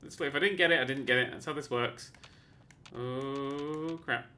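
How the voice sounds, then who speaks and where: A man casually commentating on his own gameplay, chatty and excitable, with sudden yelps and mock-boastful asides. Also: mid-range voice, normal speed. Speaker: let's play host.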